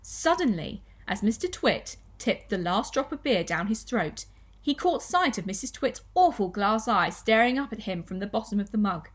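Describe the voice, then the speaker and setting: A woman primary school teacher reading a children's story aloud with expressive storytelling. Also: mid-range voice, moderate pace.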